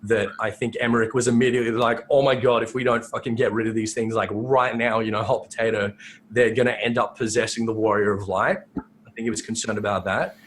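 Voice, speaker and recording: A man's voice: fairly low pitch, level tone, a little fast, a little hiss or hum. A man co-hosting a podcast, rambling through a casual discussion with many fillers and restarts. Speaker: podcast co-host.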